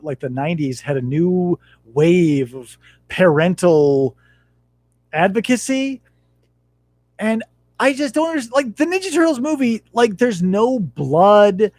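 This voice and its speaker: A man in his thirties hosts a casual podcast chat, his high voice swooping all over as he spins profane, animated stories. The sound is close and dry. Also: dry recording. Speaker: podcast host.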